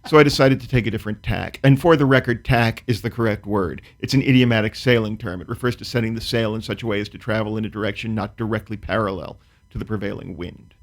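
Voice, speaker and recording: Wry man telling a comic story. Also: on the low side. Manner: dry, precise, wry storytelling with pauses. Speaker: comedian and storyteller guest. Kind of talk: casual talk-show chat.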